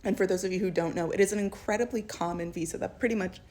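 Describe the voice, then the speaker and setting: A woman giving a sassy, animated storytime commentary, often slipping into voices of the people she describes. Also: mid-range voice, quick pace. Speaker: video essayist.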